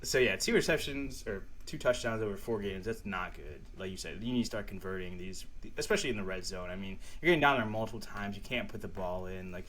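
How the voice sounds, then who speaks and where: Excitable man, casual sports chat. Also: lowish voice, quick pace, few pauses, slight background noise. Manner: excitable, swears and laughs often. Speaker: podcast co-host.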